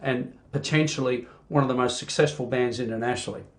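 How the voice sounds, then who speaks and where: Animated Australian man telling stories. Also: medium pitch, fast talker. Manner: animated storyteller, frequent "you know" fillers. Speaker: singer and band frontman. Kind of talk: casual interview chat.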